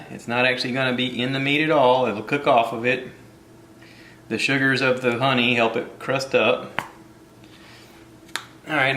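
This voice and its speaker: A man's voice: mid-range voice, bright, forceful tone, reverberant, slight background noise. A man hosting a casual cooking video from his home kitchen, rambling and joking at his own expense. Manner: rambling, jokey, self-deprecating.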